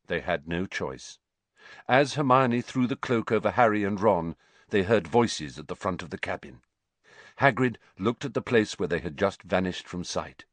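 A man narrating a story in an expressive storytelling manner. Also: low-pitched, normal speed, no echo. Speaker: audiobook narrator. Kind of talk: scripted narration.

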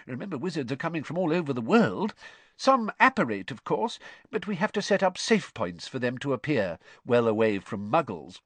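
A man's voice: medium pitch, fairly bright tone, husky, dry recording. A man voicing a weary, kindly middle-aged father patiently explaining things.

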